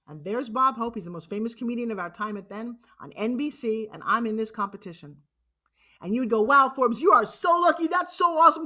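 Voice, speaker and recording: A woman in her sixties with a New York accent, telling a personal story on stage in a lively, joking, blunt way. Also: fairly high pitch. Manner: animated, jokey and blunt, acting out other voices. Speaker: motivational speaker.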